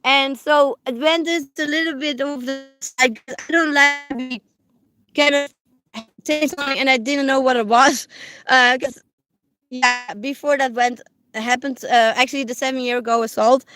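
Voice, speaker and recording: A woman's voice: high-pitched, fairly even intonation, soft background music. Rambling woman on a phone live-stream. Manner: rambling, halting, many fillers and restarts; talks to her dogs in a soft, cooing voice. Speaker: livestreamer. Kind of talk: casual live-stream chat. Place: parked car on public land.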